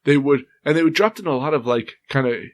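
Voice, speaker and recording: A man co-hosting a podcast, explaining his views on a movie in a measured, casual way. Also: medium pitch. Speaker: podcast co-host. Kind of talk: casual movie review chat.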